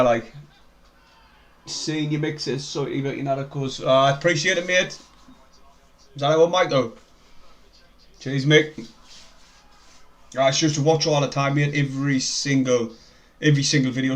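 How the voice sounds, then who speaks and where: A young man with a North East English accent, commenting on a football match live for his stream and chatting with viewers in a chatty, excitable way. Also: mid-range voice. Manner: chatty, excitable, laughs often, reads out viewer names.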